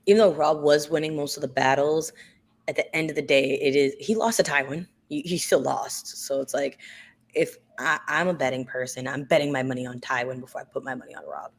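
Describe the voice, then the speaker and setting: A woman's voice: very deep voice, a little fast. A woman in a casual chat, speaking candidly and hedging with fillers.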